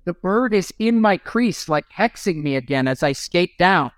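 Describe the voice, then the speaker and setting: A man's voice: high voice, normal speed, dry recording. Ex-goalie guest, a man in his fifties, spinning funny stories with a clean, resonant voice. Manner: lively anecdotes, acts out quoted lines. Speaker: guest, former pro hockey goalie. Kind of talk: casual storytelling on a podcast.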